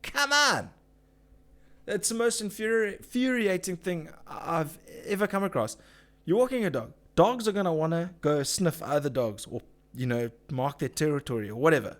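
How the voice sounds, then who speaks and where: A man's voice: a little high, lively intonation, normal speed, few pauses. A man hosting a casual live chat, ranting with swearing and reading out viewer comments. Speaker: live-stream host.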